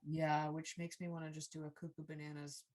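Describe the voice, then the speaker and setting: A woman's voice: low voice, little pitch movement, fairly quick, a little mellow. A woman co-hosting a podcast in casual, playful chat. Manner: chatty and playful. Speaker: podcast co-host.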